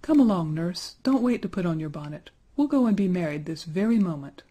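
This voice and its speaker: A woman voicing a tender, passionate young princess in a storybook reading, with breathy exclamations. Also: lowish voice, expressive, a little fast, warm tone. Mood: eager.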